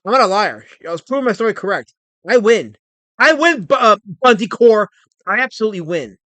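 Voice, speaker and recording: A man with a high voice hosts a livestream. He talks straight to his chat in a mock-pompous, stammering way. The sound is dry, with no room echo. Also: animated, a little fast, pushed and bright. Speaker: livestream host.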